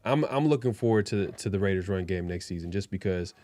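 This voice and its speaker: A man's voice: sits low, animated, brisk, warm tone, no echo. A man co-hosting a casual sports talk show, laid-back and repeating himself often. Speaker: co-host.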